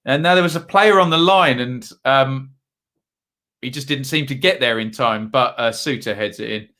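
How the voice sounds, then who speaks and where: Bloke on a live football watchalong, bright voice, mid pitch, just chatting and reading out comments. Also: male voice, moderate pace. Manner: chatty, reads out viewer comments between match updates. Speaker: live stream host.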